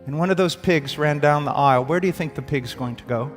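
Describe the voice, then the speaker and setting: A man preaching a sermon with dramatic swings from loud outbursts to hushed tones. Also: fairly high pitch, quick pace. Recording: long reverb in a hall, faint music.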